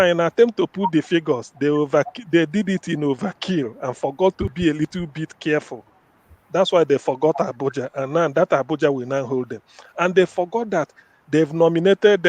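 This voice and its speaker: A man's voice: on the high side, darkish tone, dry recording. A man giving his closing statement in a casual discussion, repeating words for stress. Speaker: caller giving a final statement.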